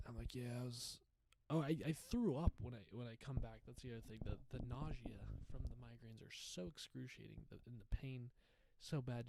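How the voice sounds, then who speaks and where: A man's voice: medium pitch, vocal fry, mellow, no room sound, low-quality recording. A young man hosting his own podcast, telling a rambling, profane comedy story with lots of restarts. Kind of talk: casual storytelling monologue.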